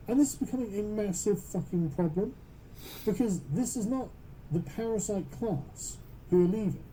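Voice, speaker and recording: A man's voice: high voice, fairly quick, warm tone, a little hiss or hum, low-quality recording. A British man giving podcast commentary in emphatic, profane, long run-on sentences. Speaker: political commentator.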